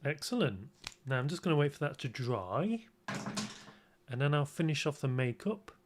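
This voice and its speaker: A man's voice: fairly high pitch, animated, moderate pace, a little hiss or hum. A man on a casual livestream, chatting his way through a makeup tutorial in a rambling, self-mocking way with many restarts. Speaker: streamer.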